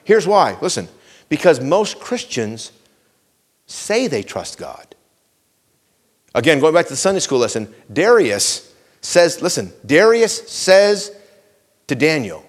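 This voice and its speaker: A man preaching a sermon in a fairly high-set voice. He is earnest and pleading, pressing his listeners with question after question. He drops to a hush and then rises to urgent, raised appeals. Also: big pitch swings, slow, long pauses, breathy edge, big-room sound. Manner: swings between hushed intensity and raised urgency. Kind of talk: sermon, teaching from scripture.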